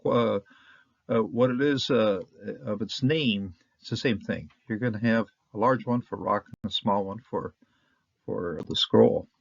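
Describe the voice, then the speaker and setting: A man giving a casual Bible lesson, halting with many fillers and restarts, sounding out Hebrew words slowly. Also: on the low side, vocal fry, no echo. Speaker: Bible teacher. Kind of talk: casual lecture. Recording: dull, dry, lo-fi sound.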